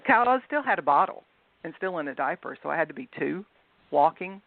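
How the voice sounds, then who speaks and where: Gravelly southern lady guest, chatty and laughing through her stories, tinny phone sound. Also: sits low, big pitch swings, fast, slight background noise. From Southern United States. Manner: chatty, laughs often while telling stories. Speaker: author and guest. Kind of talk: casual storytelling interview.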